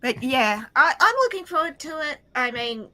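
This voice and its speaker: A woman with a bright, clear voice chats about college football, teasing the others with quick replies. Her voice sounds dry and close to the mic. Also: high-pitched, sing-song, no room sound. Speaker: podcast co-host. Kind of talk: casual sports chat.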